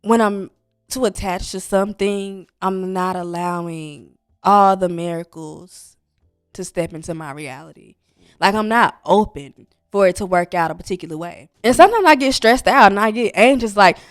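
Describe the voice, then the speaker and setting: A woman's voice: mid-range voice, expressive, moderate pace, no echo, studio quality. A woman co-hosting a podcast, talking in a reflective, earnest way. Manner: reflective, earnest, speaks in spiritual terms. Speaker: podcast co-host. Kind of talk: casual chat.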